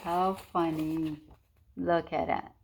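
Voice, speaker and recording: A woman teacher reading a picture book aloud to young children, gentle and slow, with asides to them. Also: low voice, flat delivery, slight background noise. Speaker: preschool teacher.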